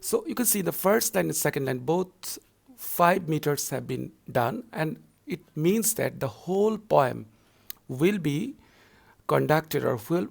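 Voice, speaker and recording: Male lecturer, gravelly tone, patient repetitive teacher delivery. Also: a little high. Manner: deliberate, repetitive explaining, slows down to read verse lines. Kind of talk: recorded lecture.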